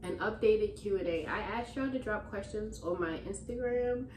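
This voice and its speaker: A young woman chatting casually in a vlog Q&A, relaxed and slangy, in a room full of stuffed animals. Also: medium pitch, normal speed, slight background noise. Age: young adult. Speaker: vlogger. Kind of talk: casual Q&A chat. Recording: roomy echo.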